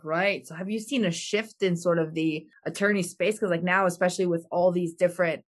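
A woman's voice: fairly low pitch, steady tone, brisk. Gushing woman interviewer. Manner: gushing, peppers talk with "like". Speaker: podcast host. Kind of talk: podcast interview.

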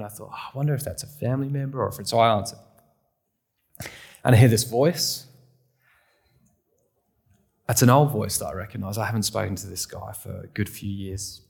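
A man's voice: mid-range voice, fairly even intonation, brisk, gravelly, long pauses. A man from England, a pastor, preaching a sermon with candid, self-deprecating storytelling.

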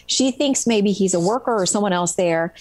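A woman's voice: mid-range voice, normal speed, a little mellow, dry recording. A woman author retelling stories from her book in a casual interview, with many ums and restarts. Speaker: author guest.

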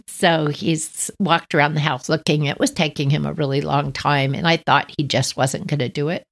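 A woman telling a childhood story on her podcast, animated, acting out family members' voices in higher tones. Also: normal speed, creaky. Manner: animated, acts out family voices with high-pitched quotes.

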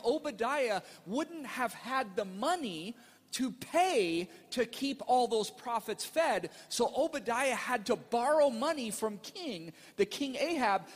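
A middle-aged male pastor telling a family story in a sermon, animated and playful, acting out the voices in his quotes. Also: very high-pitched, breathy edge, in a large hall.

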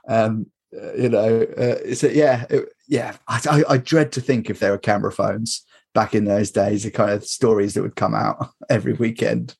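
A man's voice: mid-range voice, steady tone, moderate pace, vocal fry, darkish tone, husky. A man, chatting casually as a podcast guest, laughing often and restarting his sentences. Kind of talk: casual chat.

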